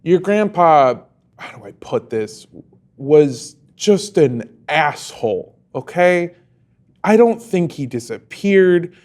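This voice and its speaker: A man voicing a gruff, blunt middle-aged cop father who swears freely. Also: fairly high pitch, big pitch swings, slow pace, darkish tone.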